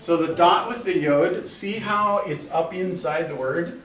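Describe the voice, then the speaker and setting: A man's voice: a little high, a little slow, fairly bright tone. A man teaching a class, patiently coaching students through pronunciation syllable by syllable. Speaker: Hebrew teacher. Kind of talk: classroom instruction. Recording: echoey room, mic at a distance, faint noise.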